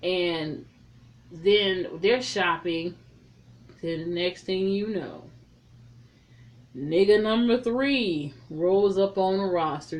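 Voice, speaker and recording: A woman giving a casual, chatty spoken recap of a film. She retells the scenes in an animated way and swears freely. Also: fairly low pitch. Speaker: film reviewer.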